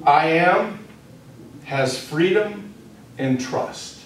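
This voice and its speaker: A man giving a spiritual teaching to a small group, speaking deliberately and repeating key phrases for emphasis. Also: a little high, expressive. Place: room with a live audience. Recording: very echoey room, distant mic, faint noise.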